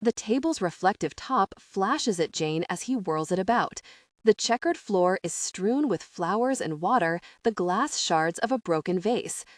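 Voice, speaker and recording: A woman's voice: mid-range voice, expressive, a little slow, dry recording. Woman narrating an audiobook, dry close sound. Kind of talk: scripted narration.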